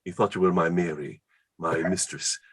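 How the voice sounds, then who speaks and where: A deep, husky male voice reads the role of an excitable Elizabethan poet smitten with words in a staged play reading. He sounds rhapsodic and rapturous, laughing readily.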